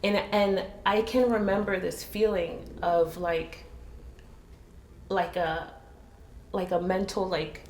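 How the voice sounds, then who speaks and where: A woman from Jamaica telling a painful personal story in an earnest, halting way, with many restarts. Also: fairly low pitch, steady tone, a little mellow, a little hiss or hum. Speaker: business owner telling her story. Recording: roomy echo.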